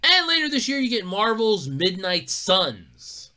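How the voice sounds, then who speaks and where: A solo podcast host with a bright, edgy tone and a lively voice that leaps up and down. They rant about gaming news in a profane, emphatic way, repeating themselves when worked up. Low mutters alternate with sudden loud outbursts. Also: a little slow.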